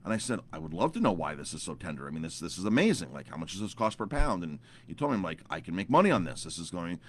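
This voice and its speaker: A man's voice: deep voice, very animated, quick pace, hardly any pauses, a little hiss or hum. A man in his thirties, a chef, telling a story to camera in a casual, rambling way with lots of repeated words and fillers.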